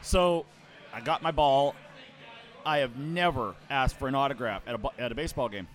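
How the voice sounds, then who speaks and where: A man from Canada on a podcast, telling a story in casual chat and acting out the quotes loudly. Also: mid-range voice, moderate pace. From Ottawa, Canada. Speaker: podcast host.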